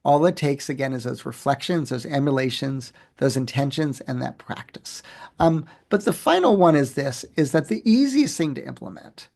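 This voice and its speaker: A man, a professor and author, answering interview questions in an animated, storytelling way with many fillers and restarts. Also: mid-range voice, moderate pace, creaky.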